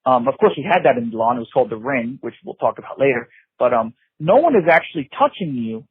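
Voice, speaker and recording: This middle-aged man, an interview guest on a phone line, relives his past with intensity: emphatic, repetitive, full of restarts and frequent "you know"s. He talks quickly in a mid-range voice whose pitch swings widely.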